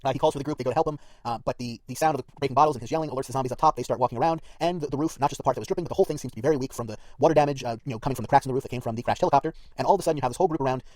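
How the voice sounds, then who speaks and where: A man on a podcast giving a rapid, detailed recap of a TV episode in a casual chatty way. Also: medium pitch, a little mellow, no room sound. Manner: rapid, detailed retelling with fillers.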